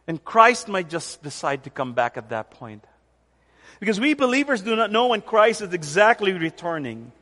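Emphatic pastor, bright voice, hall echo. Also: male voice, sits high, big pitch swings. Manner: deliberate, emphatic preaching with repeated phrases. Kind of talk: sermon. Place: church center with rain on the roof.

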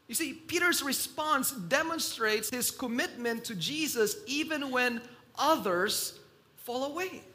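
A man preaching a sermon in a slow, emphatic delivery that swells loud and drops soft. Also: very high-pitched.

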